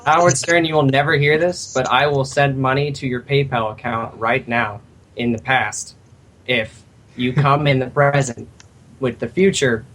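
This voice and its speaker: A man's voice: mid-range voice, steady tone, normal speed, a bit bright. A man co-hosting a casual talk radio show, joking and rambling playfully. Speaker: co-host.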